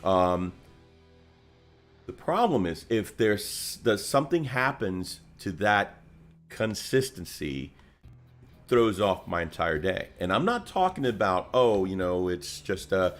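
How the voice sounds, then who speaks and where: Low-pitched male co-host, rambling casual chatter, faint music bed. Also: lively intonation, takes it slowly. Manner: rambling, many restarts and fillers. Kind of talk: casual livestream chat.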